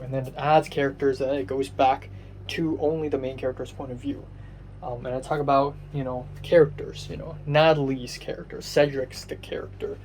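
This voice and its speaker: A man's voice: mid-range voice, a little mellow, a little hiss or hum. A young man rambling through a casual personal vlog monologue, self-mocking, with many fillers and restarts. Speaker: vlogger.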